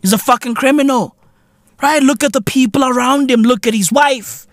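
A man hosting a podcast, ranting in a loud, profane, mocking way. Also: very high-pitched, moderate pace, no room sound. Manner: loud, profane, mocking, often breaks into shouts and laughs. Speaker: podcast host. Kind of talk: comedic podcast rant.

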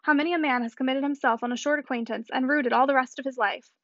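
A woman voicing a lively, teasing young gentleman. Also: sits high, fast talker, no room sound. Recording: slightly muffled dry recording.

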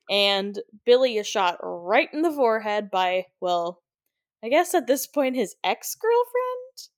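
A woman's voice: fairly high pitch, big pitch swings, takes it slowly, no room sound, studio quality. A young woman co-hosting a podcast, giving a casual, chatty recap of a film and giggling often as she talks. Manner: chatty, giggly, many "like" fillers. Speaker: podcast co-host. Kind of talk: casual movie recap chat.

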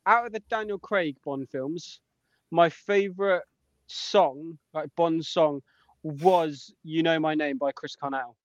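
A British man on a casual podcast, speaking in a somewhat high voice with plenty of hesitant repeats. His audio sounds slightly muffled and lo-fi, yet dry with no room around it. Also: slow pace, dry recording. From Britain. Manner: hesitant, uses fillers, repeats himself. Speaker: podcast co-host. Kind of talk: casual chat.

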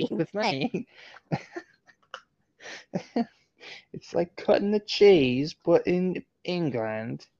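A man's voice: a little high, big pitch swings, extremely slow, long pauses, a little mellow, no room sound. Joking, rambling man on a dull recording. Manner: joking, rambling, stumbles and repeats words. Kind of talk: casual chat. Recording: slightly dull, dry recording.

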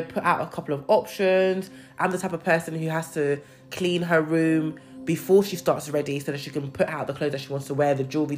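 A young woman venting in a casual monologue, candid and expressive, swearing freely. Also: deep voice.

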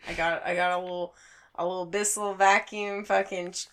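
A young woman tells a story in casual podcast chat, swearing freely and acting out her own reactions. Her voice is bright and forceful and sits a little low for a woman. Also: moderate pace, clean tone. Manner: profane, animated storytelling with acted-out quotes.

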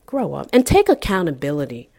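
A woman's voice: sits low, huge pitch swings, brisk, vocal fry, a little mellow. A woman co-hosting a podcast in casual chat, blunt and profane, ranting with fire. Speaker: podcast co-host.

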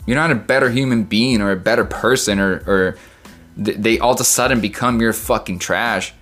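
A man's voice: fairly low pitch, moderate pace, faint music behind. A man who works as a kitchen middle manager, telling a work story in a profane, casual rant full of "right?" and "dude". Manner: swears constantly, lively storytelling, rhetorical "right?".

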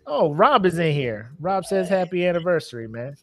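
Male podcast host, animated slangy delivery, dry recording with faint music bed. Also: high-pitched, normal speed, no echo. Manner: animated, laughing, slangy storytelling. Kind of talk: casual chat.

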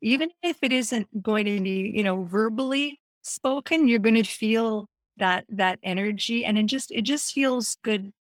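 A woman's voice: fairly high pitch, measured pace, few pauses, dry recording. A woman talking about wellness in an earnest, encouraging way, stressing her key words. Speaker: wellness speaker. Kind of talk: casual health talk.

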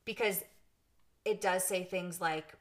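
A woman's voice: fairly low pitch, steady tone, takes it slowly. A woman co-hosting a podcast in casual book discussion chat, talking candidly and animatedly and laughing at herself. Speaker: podcast co-host.

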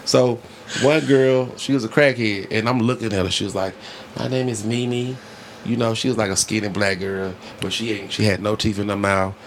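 A man with a fairly low voice tells rambling podcast stories, profane and animated, often cracking up mid-sentence. Faint noise hums under the recording. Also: brisk. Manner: profane, laughing, animated storyteller. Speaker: podcast host. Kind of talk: casual storytelling chat.

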